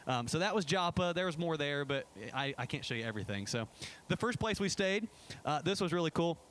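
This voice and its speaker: A man's voice: fairly high pitch, expressive, fairly quick, fairly bright tone, a little hiss or hum. A man giving a casual church presentation about a trip, chatty and enthusiastic, with many fillers and restarts. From United States. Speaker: pastor. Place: church sanctuary.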